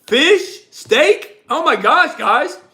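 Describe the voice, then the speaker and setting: A man hosting a live stream, chatting loudly and casually with viewers and answering their questions. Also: very high-pitched, extremely slow. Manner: loud, animated, chatty. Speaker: livestream host and reseller.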